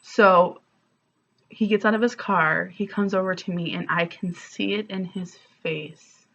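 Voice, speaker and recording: A woman vlogger speaking candidly and emotionally in a confessional story, her talk full of "like" and "um." Her voice sits at a middling pitch. The recording is muffled and lo-fi. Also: steady tone, a little slow, creaky, fairly bright tone. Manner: candid, emotional, many fillers like "like" and "um".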